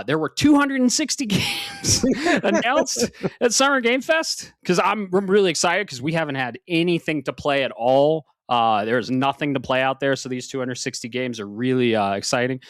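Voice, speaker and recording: A man co-hosting a casual gaming podcast, slightly out of breath, swearing freely and swinging from loud bursts to low mutters. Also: no echo, studio quality. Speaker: podcast co-host.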